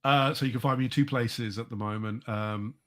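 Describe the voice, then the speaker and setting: An excitable man in his thirties joins a casual chat as a guest. He is animated and jumps up in pitch when something thrills him, at a middle pitch overall. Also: fairly quick. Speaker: guest podcaster.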